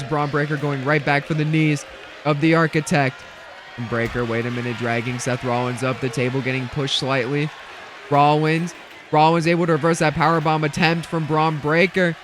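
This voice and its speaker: A young man calling a wrestling match play-by-play, rapid and breathless, bursting into shouts at big moves. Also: fairly high pitch, noisy background. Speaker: play-by-play commentator. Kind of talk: excited wrestling play-by-play commentary.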